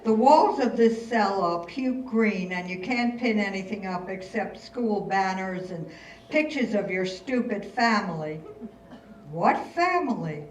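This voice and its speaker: A woman's voice: a little high, a little hiss or hum. An older woman in a staged reading, playing a sardonic, rebellious rich girl writing letters. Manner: sardonic, theatrical. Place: stage in a hall. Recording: roomy, distant hall recording.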